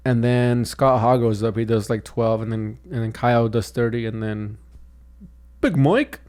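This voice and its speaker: A young comedian co-hosting a podcast tells a story in a casual chat, rambling along with many restarts and plenty of "dude." His mid-range voice is smooth and a little mellow, at a normal speed.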